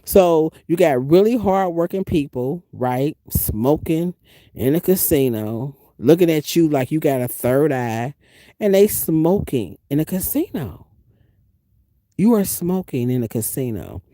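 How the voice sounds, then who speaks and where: A woman from the US Midwest, a van-life vlogger chatting casually with viewers and telling her travel stories with animated, emphatic delivery. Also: a little slow, no room sound. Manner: animated, emphatic storytelling with big pitch swings. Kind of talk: casual livestream chat.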